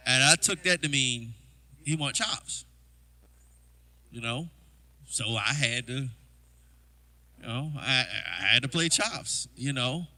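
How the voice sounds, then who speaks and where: A man's voice: medium pitch, slow, long pauses, no echo. A man, a drummer, chatting to his livestream audience and telling loose, rambling stories about past gigs, full of "you know" asides. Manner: acts out quoted exchanges in a hushed voice. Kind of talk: casual livestream storytelling.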